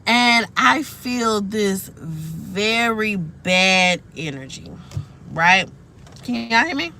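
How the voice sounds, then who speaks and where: A woman's voice: medium pitch, animated, extremely slow, poor audio. A woman telling a story to her viewers in a chatty, emphatic way, swearing freely, talking into a phone from a moving car. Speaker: livestream host. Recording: loud car noise behind voice.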